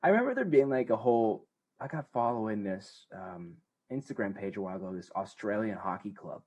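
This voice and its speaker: A man's voice: on the low side, fairly quick, slightly rough, muffled recording. A young man co-hosting a podcast, telling stories in casual chat and slipping into playful mock voices. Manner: animated storyteller, slips into mock voices. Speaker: podcast co-host.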